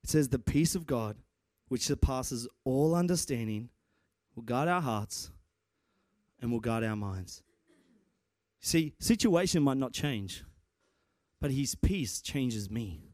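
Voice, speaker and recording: A young man preaching a sermon in an animated, excitable way, with many restarts and sudden shouts. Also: medium pitch, unhurried, no room sound, clean studio sound. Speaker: preacher and church guitarist. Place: church.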